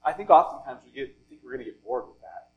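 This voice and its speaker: A male pastor preaching a sermon in deliberate phrases, often falling soft and low at the end of a thought. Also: lively intonation, highs cut off.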